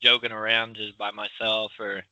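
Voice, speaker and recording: A man from Philadelphia with a Philly accent, co-hosting a casual chat, loud and rambling with frequent laughs. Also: on the low side, level tone, normal speed, no echo, low-quality recording. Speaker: podcast co-host.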